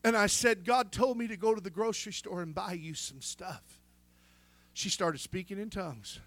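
A man's voice: high-pitched, normal speed, a bit bright, dry recording. A man preaching a sermon with fervor, breaking in with calls of amen and restarting his sentences as he tells a story. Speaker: pastor.

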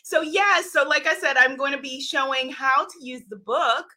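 A woman's voice: high voice, normal speed, sharp tone. A woman hosting a live stream as an author, chatting effusively with viewers, greeting commenters by name and laughing often. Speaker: livestream host and author.

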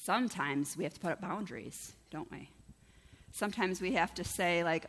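A woman's voice: on the low side, expressive, fairly quick. A woman pastor giving a conversational sermon, often asking her listeners "right?" as she speaks. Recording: long reverb of a church hall.

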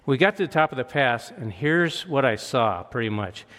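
A man's voice: medium pitch, normal speed. Older man preaching in a reverberant hall. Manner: conversational, self-deprecating, with lively quoted asides. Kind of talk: storytelling sermon. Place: church hall.

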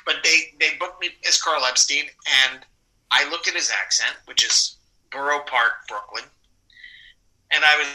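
Casting note: New York man, sharp bright tone, chatty guest who loops back and corrects himself. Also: a little high, moderate pace, rough recording. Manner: rambling, self-correcting anecdotes. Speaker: actor guest. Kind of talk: casual interview talk.

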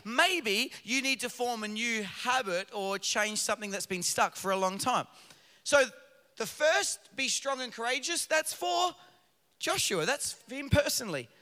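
A middle-aged pastor delivers a sermon in a high, sharp, forceful voice. He swings from loud emphatic calls to quiet, low passages. A long church-hall reverb trails behind every word. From Australia. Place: large church auditorium.

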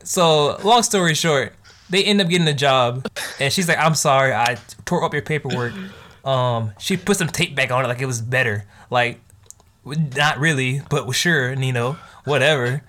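Animated man reviewing anime. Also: medium pitch, moderate pace. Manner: animated, slangy, laughing often. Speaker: host. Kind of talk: casual anime review chat.

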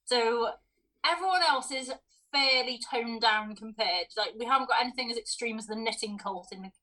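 A woman's voice: a little high, moderate pace, sharp tone, low-quality recording. A woman, co-hosting a film podcast in casual chat, laughing often. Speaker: podcast co-host.

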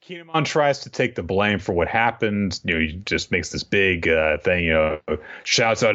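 A man with a lowish voice walks through a story in relaxed podcast chat, slipping into the characters' lines as he goes. The sound is dull and a bit lo-fi. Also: unhurried. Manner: recaps scenes by acting out the characters' lines. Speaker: podcast co-host recapping a manga. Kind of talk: casual chat. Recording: dull lo-fi recording.

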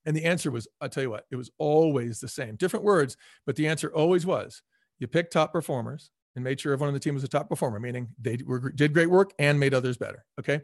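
Fast-talking, emphatic middle-aged man. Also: medium pitch, dry recording, studio quality. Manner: energetic, emphatic, acts out quoted people. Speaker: interview guest, former restaurant executive. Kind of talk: casual storytelling in a podcast interview.

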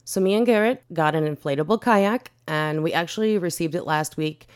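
Podcast host, female, a bit low-pitched; foul-mouthed, indignant ranter. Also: fairly quick. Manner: profane, indignant, blunt. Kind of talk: ranting podcast commentary.

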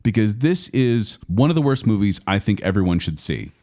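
A man co-hosting a casual podcast, opinionated and animated as he talks about films he dislikes. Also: lowish voice, moderate pace. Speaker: podcast co-host. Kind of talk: casual chat. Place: studio with headphones.

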